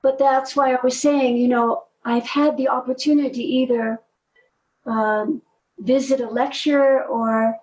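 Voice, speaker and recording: An older woman telling stories in a relaxed conversation, animated and laughing often, often trailing off mid-sentence. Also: high voice, unhurried, recorded from a distance, low-quality recording. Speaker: guest, movement teacher. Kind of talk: conversational storytelling.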